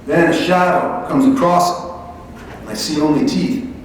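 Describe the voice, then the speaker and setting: A man reads his own fiction aloud in a measured, steady storytelling voice pitched a little high. He is heard from a distance in a large hall with long reverb and faint room ambience. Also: slight background noise. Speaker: author. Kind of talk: reading aloud from his novel. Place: large library event hall. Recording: echoey hall, mic from far off.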